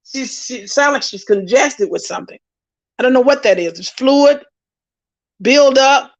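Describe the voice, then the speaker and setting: A woman's voice: high-pitched, animated, a little slow, muffled recording. A woman host chatting casually on a livestream, reading viewer comments and speaking with emphatic repetition. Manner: talkative, emphatic, repeats herself for emphasis.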